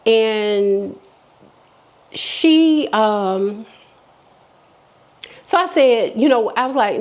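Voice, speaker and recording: A woman with a slightly high voice tells a personal storytime. She is candid and chatty, with plenty of restarts. She acts out the lines of the people in her story as she goes. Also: slow pace, pauses often, darkish tone. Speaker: vlogger. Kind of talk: casual storytime.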